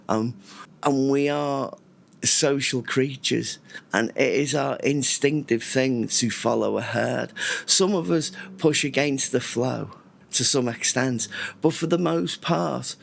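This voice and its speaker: A man's voice: mid-range voice, slow pace, gravelly. A man, talking casually to camera at home in a rambling, reflective way that often interrupts itself. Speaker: vlogger. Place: indoors at home.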